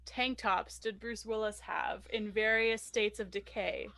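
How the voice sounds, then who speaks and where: A woman's voice: mid-range voice, steady tone, unhurried, vocal fry, bright, forceful tone. A young woman co-hosting a film podcast, making wry remarks and reading out trivia with plenty of ums. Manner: wry, reads trivia aloud with fillers. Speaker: podcast co-host.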